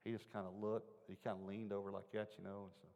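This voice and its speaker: A man with a fairly low voice preaches a sermon, telling a personal story in an earnest, chatty way. His words ring out with a long reverb, as in a large hall. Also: little pitch movement, quick pace, vocal fry, a little mellow. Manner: earnest, conversational, asks the audience questions.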